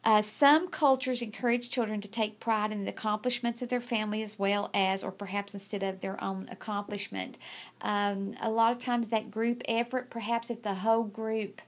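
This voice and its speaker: A woman's voice: mid-range voice, fairly even intonation, moderate pace. Middle-aged female teacher, video lecture, chatty, mid-height voice, loose delivery with fillers. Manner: conversational, with many fillers and restarts. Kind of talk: recorded video lecture with personal story.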